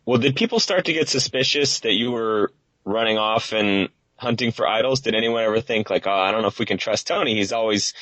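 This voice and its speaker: A man's voice: lowish voice, a little fast, no echo, low-quality recording. A man hosting a podcast, casually asking a guest questions and reading listener questions. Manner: relaxed questioner who reads listener questions. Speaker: podcast host. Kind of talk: casual interview.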